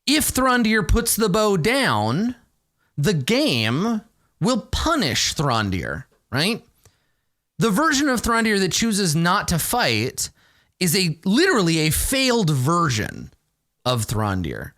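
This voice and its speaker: A man explains ideas about running tabletop games in an easy, conversational way. His pitch swings widely as he talks, rising and dipping for emphasis. He keeps checking in with a quick "right?" after his points. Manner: animated, ends points with "right?". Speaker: game master advice host. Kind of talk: casual explanatory talk.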